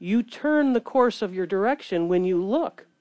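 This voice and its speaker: A woman preaching a sermon in an earnest, animated way, reading scripture between her points. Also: mid-range voice, normal speed, no echo.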